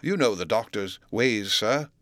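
A man reading an audiobook, voicing a frightened male butler who speaks haltingly and deferentially. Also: fairly low pitch, expressive, a bit bright, dry recording. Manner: halting, deferential, many "sir"s.

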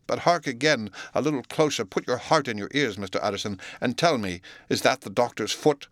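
A man voicing a frightened aging male butler who speaks in hushed, trembling tones in an audiobook. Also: mid-range voice, a little fast, dry recording, clean studio sound, close to an everyday voice. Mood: fearful. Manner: hushed, tremulous.

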